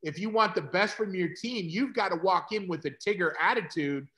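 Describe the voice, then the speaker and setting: A middle-aged man hosting a casual conversation, talking to doctors in an energetic, coaching way. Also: sits high, moderate pace. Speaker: host and practice consultant.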